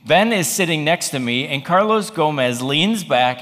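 Male pastor, slightly higher voice, dry self-deprecating sermon storyteller; long hall echo. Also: expressive, normal speed, a bit bright. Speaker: campus pastor.

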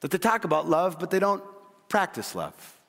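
In a large church hall with long reverb, a middle-aged pastor with a high-sitting, creaky voice preaches a sermon. He tells a family story with animated energy, moving from quick, excited retelling to a quiet, earnest plea.

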